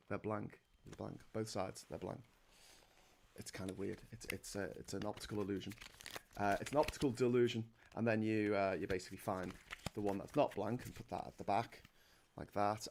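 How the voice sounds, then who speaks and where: A man's voice: medium pitch, fairly bright tone. A man hosting a political commentary show, ranting in an angry, sarcastic, blunt way.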